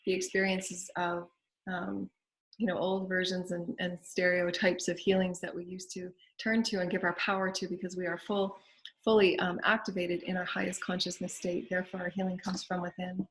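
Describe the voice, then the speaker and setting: A woman's voice: fairly low pitch, level tone, moderate pace. Southern-tinged woman chanting affirmations. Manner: repetitive, incantatory phrasing. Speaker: spiritual healer hosting a live show. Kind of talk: guided spiritual affirmations and prayer.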